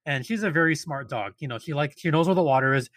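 Man, casual storyteller, higher-pitched, lively retelling with voiced quotes, dry close sound. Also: fast, no echo.

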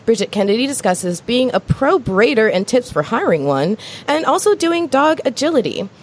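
A woman's voice: fairly high pitch, big pitch swings, moderate pace, slight background noise. A woman in her thirties co-hosting a podcast, upbeat and giggly as she chats and runs through the show. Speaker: podcast co-host. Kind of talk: casual chat and show rundown.

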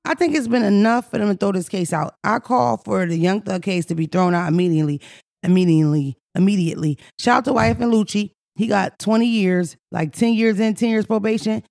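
Brash, profane Philly woman with a gravelly edge. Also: mid-range voice, fairly quick, no echo, studio quality. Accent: Philadelphia. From Philadelphia. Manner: brash, profane, animated storytelling. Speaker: podcast host. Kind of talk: casual comedic chat.

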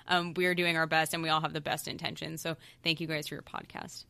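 A chatty woman talks casually as a podcast guest. Her voice is bright and crisp, and she laughs easily. The sound is dry, with no room echo. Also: low voice, level tone, fast talker. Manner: chatty, laughs often, says "like" a lot. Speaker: guest, TV show co-star.

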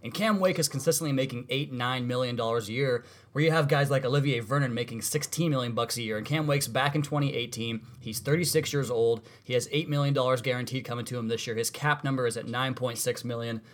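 Fast-talking male sports podcast host. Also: medium pitch. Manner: fast, conversational, self-correcting. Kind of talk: casual sports podcast chat.

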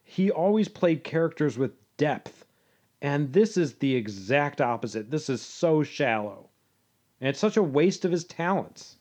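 A man's voice: on the high side, sing-song, measured pace, a little mellow. A man co-hosting a movie podcast in casual chat, with a dry, grumbling delivery. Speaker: podcast co-host.

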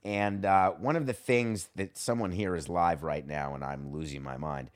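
Male podcast host, lower register, animated rambling storyteller. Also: normal speed. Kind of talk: casual chat.

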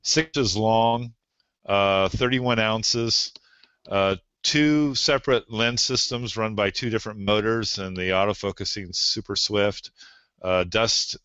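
A man who is a podcast guest, talking gear in a casual chat and often pausing with "uh". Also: lowish voice, steady tone, bright, forceful tone, clear, resonant tone, no room sound, dull audio. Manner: gear-focused, hesitant, many uhs.

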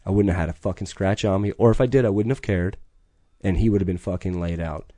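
Middle-aged man; low, mellow voice; intense, profane, urgent storyteller; dry recording. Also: fairly even intonation, quick pace, no echo. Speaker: podcast guest. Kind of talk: storytelling in conversation.

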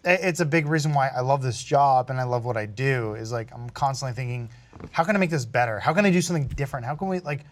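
A man's voice: mid-range voice, expressive, fast talker. A man in his thirties co-hosting a podcast, talking earnestly about his work with jokes mixed in. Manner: earnest, jokey, trails off and restarts. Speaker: podcast co-host. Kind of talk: casual chat.

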